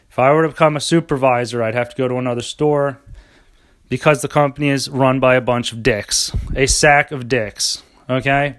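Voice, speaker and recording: A man's voice: mid-range voice, fairly bright tone. A young man hosting a rambling solo podcast, sarcastic and self-mocking, swearing often. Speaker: podcast host.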